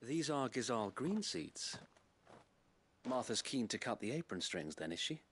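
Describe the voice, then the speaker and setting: An actor voicing a courteous, thoughtful middle-aged noble knight who speaks formally, with measured speech and a wry touch, in video game dialogue. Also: male voice, medium pitch, sing-song, fairly bright tone, slight background noise.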